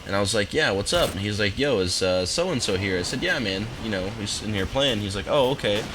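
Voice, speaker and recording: Young male gaming commentator, lowish voice, easygoing storyteller, faint background hiss. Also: expressive, brisk. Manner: laid-back, rambling, amused. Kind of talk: casual storytelling over gameplay. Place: home office.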